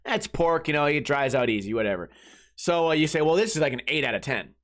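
A man's voice: on the high side, lively intonation, quick pace, a bit bright. A man hosting a comedy podcast, telling rambling, crude, jokey stories about his weekend in a casual way. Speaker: podcast host.

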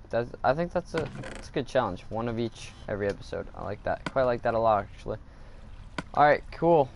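A man's voice: medium pitch, slight background noise. A man casually commenting while he plays a video game, thinking aloud and getting annoyed at the game. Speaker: gaming video host.

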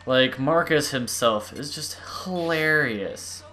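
A young man rambling excitedly while playing a video game, gushing over everything he sees. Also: mid-range voice. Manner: gushing, rambling, quick bursts of enthusiasm. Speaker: gaming YouTuber. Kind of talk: excited gameplay commentary.

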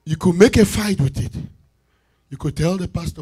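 A man preaching a sermon as bishop, calling out to the congregation for answers and swinging between loud declarations and hushed asides. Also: high-pitched, moderate pace, breathy edge. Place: church sanctuary.

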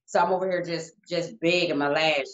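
A woman co-hosting a podcast in casual chat, an animated storyteller who acts out what people say. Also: sits low, fairly quick. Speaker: podcast co-host. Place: home studio setup. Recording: dull lo-fi sound.

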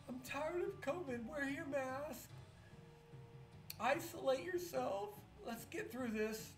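A woman streamer, drunk and close to tears, talks in a halting, rambling, profane way with many restarts. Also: high voice, lively intonation. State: tearful. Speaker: pinball streamer. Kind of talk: emotional live-stream monologue. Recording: echoey room with faint music. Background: faint music.

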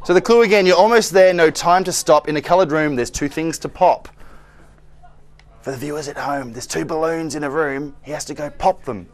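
A man's voice: on the high side, a little fast. A young man hosting a studio scavenger hunt, teasing his co-host and laughing often. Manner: teasing, laughs often, shouts jokey orders. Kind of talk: playful studio banter. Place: TV studio and offices.

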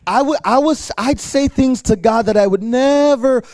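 A man preaching in a casual, animated way, telling a personal story and acting out the dialogue. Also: very high voice, normal speed, no echo. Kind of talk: sermon storytelling.

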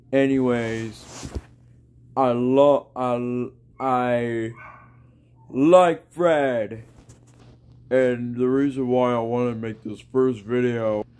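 A man's voice: medium pitch, a little mellow, clear, resonant tone. A young man making a silly, rambling home vlog in his bedroom, repeating words as he goes.

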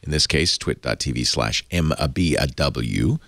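A man's voice: extremely low pitch, expressive, unhurried, fairly bright tone, dry recording. A man hosting a tech podcast, thanking guests and reading plugs with playful, jokey patter. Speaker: podcast host.

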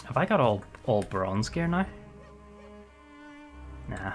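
A man's voice: fairly high pitch, big pitch swings, drawn-out words, long pauses, faint music behind. A young man giving casual gameplay commentary, chatting, laughing often and swearing at enemies. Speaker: gaming streamer.

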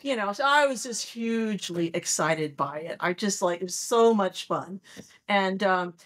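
A woman in her sixties, a planetary astronomer telling stories in a conversational interview, animated and acting out her excited reactions. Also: mid-range voice, a little slow. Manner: animated storyteller who acts out her own excited reactions.

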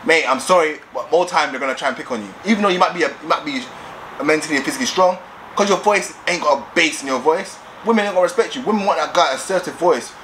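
A man's voice: a little high, fast talker, fairly bright tone, slight background noise, poor audio. A young man giving blunt dating advice in a casual vlog, repeating himself and using street slang. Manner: assertive, repetitive, streetwise slang.

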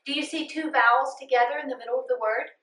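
A woman's voice: sits high, fairly even intonation, fast talker, sharp tone, recorded from a distance. A woman teaching a children's phonics lesson, patiently sounding out syllables and giving step-by-step instructions. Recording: echoey room, voice from off mic.

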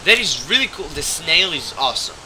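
A man with a hoarse, sick voice doing casual gameplay commentary, excitable and swearing as he talks to things in the game. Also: on the high side, fairly quick, crowd noise. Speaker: let's play gamer. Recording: game music behind voice. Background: game music.

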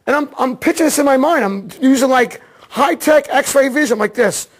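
A man teaching an automotive diagnostics seminar, telling a case story in a casual, excitable way and acting out the dialogue. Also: extremely high pitch, normal speed. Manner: casual slangy talk, repeats words. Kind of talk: seminar lecture.

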